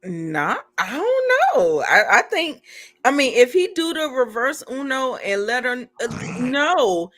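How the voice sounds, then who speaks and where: A woman's voice: high-pitched, very animated, a little slow, fairly bright tone. A woman in a casual live chat who thinks aloud, hesitating and restarting her sentences. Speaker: panelist.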